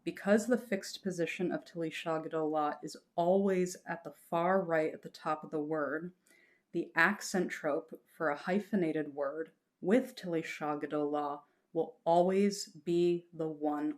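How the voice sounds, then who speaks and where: A woman's voice: low voice, fairly even intonation, unhurried. A woman teaching a lesson patiently, explaining step by step and reassuring her students, breaking into short chanted examples.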